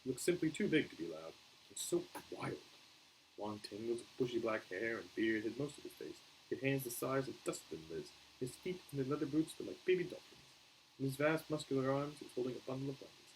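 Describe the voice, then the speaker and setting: A man's voice: medium pitch, lively intonation, brisk, slight background noise, low-quality recording. A man reading a children's novel aloud in a casual, unpolished way, with small slips and restarts. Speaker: show host reading aloud.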